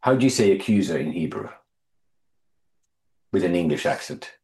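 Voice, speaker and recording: A man with a lowish voice teaches a Bible study in an echoey room. He reads verses aloud, then unpacks them thoughtfully, often restarting his sentences and putting questions to his group. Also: big pitch swings, darkish tone. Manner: thoughtful, halting restarts, reads scripture aloud and quizzes listeners.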